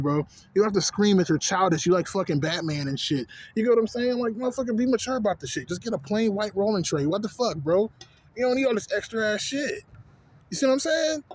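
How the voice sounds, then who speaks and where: A young man delivering an animated, profanity-heavy rant as a vlogger, often asking "you know what I'm saying". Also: sits high. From Houston, Texas. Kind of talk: profane ranting monologue.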